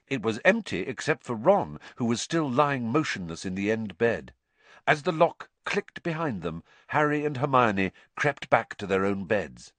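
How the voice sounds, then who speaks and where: A man narrating a storybook audiobook with expressive, varied reading. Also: lowish voice, no echo.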